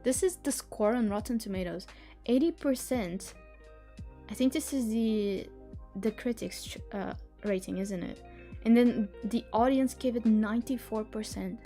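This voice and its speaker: A woman's voice: a little high, measured pace, warm tone, faint music behind. Giggly young woman chatting on stream. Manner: rambling, giggly, many restarts and "like"s. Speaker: streamer hosting reading sprints. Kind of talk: casual live-stream chat.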